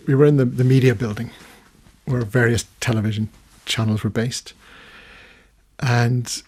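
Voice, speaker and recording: An older man from the United Kingdom speaking as a radio interview guest, his voice husky and middle-pitched. He tells stories at length, growing animated, with frequent restarts as he searches for words. Recorded on a studio microphone. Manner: storytelling, animated when recounting, many restarts. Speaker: interview guest, retired documentary filmmaker. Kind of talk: long-form radio interview.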